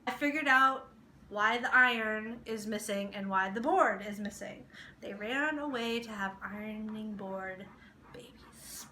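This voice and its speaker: A woman vlogging casually at home, playful and chatty and quick to laugh. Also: medium pitch, bright, forceful tone, slight background noise. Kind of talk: casual home vlog chat.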